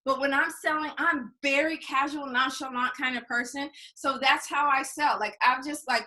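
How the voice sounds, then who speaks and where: A middle-aged woman coaching in a high, bright voice. She talks casually and laughs often. She acts out little scenes and calls her listeners honey. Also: steady tone, normal speed, few pauses. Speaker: business coach.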